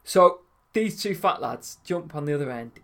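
A man's voice: a little high, animated, moderate pace, creaky, a bit bright. A man in casual chat, telling stories animatedly and laughing often.

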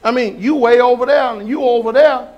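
A man preaching a sermon, animated, shouting and laughing, acting out voices. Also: extremely high pitch, a little fast, muffled recording.

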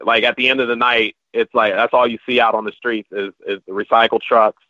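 This male podcast guest rattles through his travel stories briskly, his medium-pitched voice level in tone yet pushed and bright, with plenty of restarts as he rambles. The sound is dry and a bit muffled, lo-fi, without room reflections.

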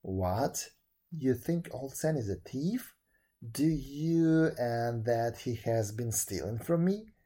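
A man voicing a calm, kindly man who forgives easily and laughs heartily, in a storybook reading. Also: medium pitch, slow pace, slightly rough. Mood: mild.

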